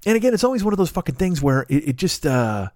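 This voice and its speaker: A man's voice: on the high side, sing-song, fast, a little mellow, no echo, clean studio sound. Man rambling through a profane comic rant. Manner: profane, rambling, self-mocking. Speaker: podcast host.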